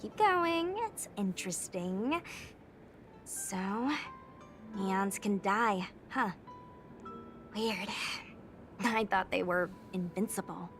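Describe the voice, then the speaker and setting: In a video game cutscene, an actress voices a frank, slightly naive young woman soldier who talks bluntly, sounds curious, and gets a little flustered. Her medium-pitched voice is expressive and slow, with long pauses and faint music in the background.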